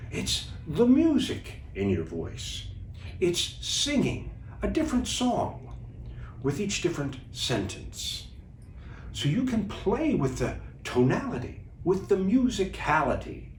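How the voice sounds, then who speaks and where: A man coaching viewers as a communication trainer in an instructional video talk, deliberate and animated. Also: fairly high pitch, a little hiss or hum. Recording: echoey room, distant mic.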